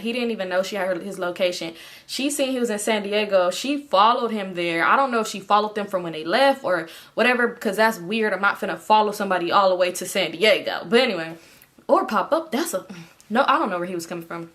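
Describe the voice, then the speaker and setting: A woman's voice: medium pitch, a bit bright. A young woman casually telling a rambling story, full of slang and swearing.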